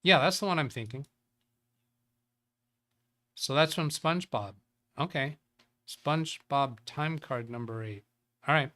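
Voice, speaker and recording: Bright-voiced man rambling on a tech livestream. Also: medium pitch, a little slow, long pauses. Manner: thinks aloud, rambling, chuckles at chat. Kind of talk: casual live tech show, reading chat.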